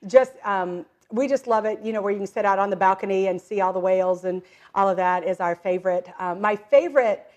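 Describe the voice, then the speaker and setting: A middle-aged woman in easy conversation, telling stories with lots of fillers. She breaks into quoted voices and laughter as she goes, at a middle pitch for a woman. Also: a little fast, lo-fi sound. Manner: lively storyteller who acts out quoted voices and laughs often; many fillers like "um" and "like". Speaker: guest, direct-selling entrepreneur. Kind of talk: casual interview conversation.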